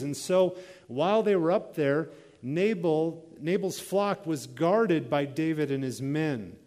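A man's voice: a little high, a little mellow, long reverb tail. A man preaching a sermon as pastor, reading scripture and telling a personal story with quoted voices.

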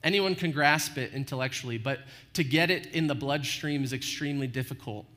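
A man's voice: medium pitch, brisk, pushed and bright. A man preaching a sermon as pastor, conversational, often checking in with "right?" and acting out short quotes. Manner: conversational, frequent "right?" tag questions.

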